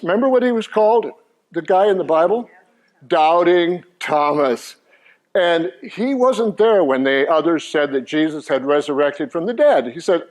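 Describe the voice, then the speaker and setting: A man's voice: fairly high pitch, darkish tone. An older man presenting a Christian teaching course to a live church audience, joking and asking the crowd questions as he goes. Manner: jovial, engaging the audience with questions and jokes. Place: church meeting room before an audience.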